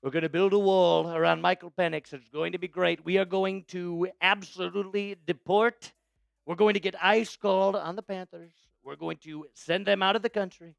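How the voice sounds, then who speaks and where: Impression: a man doing a grandiose, boastful politician, gravelly, dry close sound. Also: sits high, fairly even intonation, normal speed, no room sound. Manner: bragging, repetitive superlatives.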